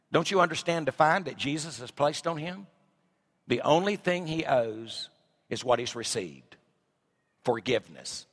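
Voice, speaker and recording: The pastor's fairly high voice has a sharp tone as he preaches in church, reading scripture and posing emphatic rhetorical questions to the congregation. Long hall reverb trails his words.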